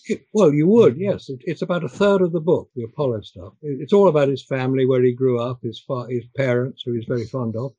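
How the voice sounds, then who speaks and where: Older man, soft and husky. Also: mid-range voice, fairly quick, hardly any pauses, no room sound, lo-fi sound. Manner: hesitant, repeats words. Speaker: guest. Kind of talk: casual chat.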